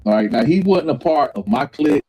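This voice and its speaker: A man telling a jail story in slangy, animated style, acting out what others said. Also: fairly high pitch, brisk, gravelly, muffled recording, background noise. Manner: acts out other people's voices, swearing, slangy. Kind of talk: animated storytelling with acted-out quotes.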